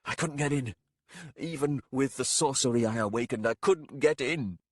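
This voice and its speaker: A man putting on a rasping, frightened warlock. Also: mid-range voice, moderate pace, no room sound, studio quality, pitched above the performer's own voice, natural voice. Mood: urgent, hoarse. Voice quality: rough hiss.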